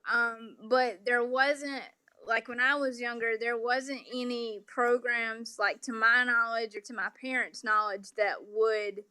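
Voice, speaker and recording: A woman's voice: on the high side, pushed and bright, clean tone. A woman with a Southern accent, a polite guest explaining things patiently with frequent "um" fillers. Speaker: interview guest. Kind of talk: remote interview conversation.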